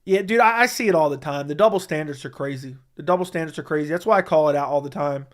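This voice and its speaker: A man's voice: fairly high pitch, quick pace. A young man hosting a livestream, reading chat and answering in a blunt, profane, dismissive way.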